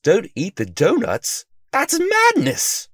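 A man voicing a loud, impulsive male detective who exclaims and stammers dramatically. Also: fairly high pitch, big pitch swings, moderate pace, dry recording, studio quality, pitched above the performer's own voice. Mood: dramatic.

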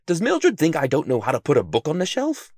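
A man voicing a loud, impulsive male detective who exclaims and stammers dramatically. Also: on the high side, wildly swooping pitch, a little fast, no echo, studio quality, voice pushed up, full character voice. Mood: eager.

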